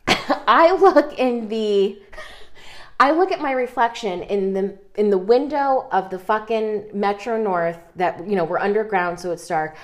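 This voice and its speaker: A woman co-hosting a podcast, telling a story with lively, comic energy. She swears without a second thought and laughs through her words. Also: mid-range voice, measured pace. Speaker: podcast co-host.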